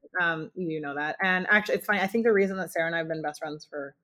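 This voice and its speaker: A woman co-hosting a casual wedding-advice chat, friendly and quick to laugh as she gives direct, practical tips. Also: lowish voice, fairly bright tone. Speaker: podcast co-host, wedding planner.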